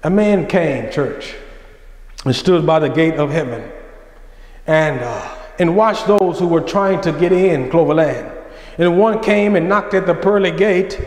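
A man preaching in a church sanctuary with a high voice and a fervent, pleading cadence. His words ring out through a roomy hall with a long, lingering reverb. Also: measured pace, darkish tone. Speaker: senior minister preaching. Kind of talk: sermon.

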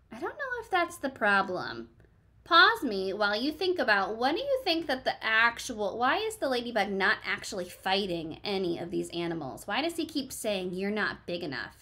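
A woman's voice: medium pitch, pushed and bright. A woman teacher reading a picture book aloud to a class, asking questions and encouraging children by name.

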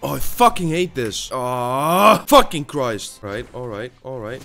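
A man's voice: medium pitch, a little slow, sharp tone, soft background music. A man giving live gameplay commentary, swearing constantly and raging at his opponents, often stammering and repeating himself. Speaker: gaming YouTuber.

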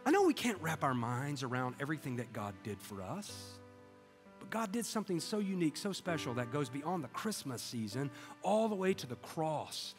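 Pastor, 50s, higher voice, chatty storytelling sermon, church hall reverb, faint music underneath. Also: male voice. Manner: conversational storytelling with quick asides to the congregation. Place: church sanctuary. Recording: live church sound with long reverb and soft music.

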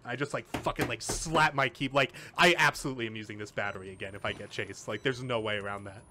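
A man streaming a game, commenting live, swearing often and breaking into panicked yells and laughter at a computer. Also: mid-range voice, fast talker, a little hiss or hum. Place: at a computer, keyboard and mouse.

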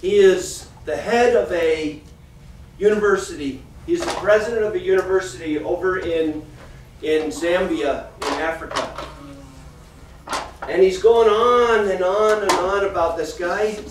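A man teaching a children's church class, reading a Bible passage and then explaining it to the kids in a lively storytelling way. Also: sits high, measured pace. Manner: animated storyteller, reads scripture then talks directly to the kids. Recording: echoey room from far off, faint noise.

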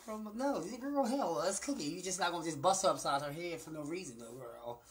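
A woman ranting to her phone camera indoors, campy and profane, calling everyone "girl" and swinging between loud bursts and low muttered asides. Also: expressive, a little fast, a little hiss or hum. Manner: brash, profane, campy, repeats "girl" and "honey" constantly. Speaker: vlogger. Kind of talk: sassy off-the-cuff rant to camera. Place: indoors, small room. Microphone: phone camera at arm's length.

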